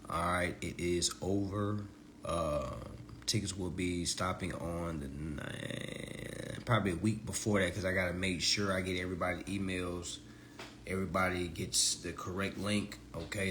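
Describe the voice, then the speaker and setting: A man, hosting a consumer law talk stream in a preachy, excitable style that swings between hushed asides and loud outbursts. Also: deep voice, a little hiss or hum. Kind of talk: animated live-stream lecture.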